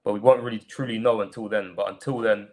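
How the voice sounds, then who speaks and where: A man giving measured, reasoned football analysis as a panelist on a fan show. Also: fairly low pitch, fairly even intonation, darkish tone.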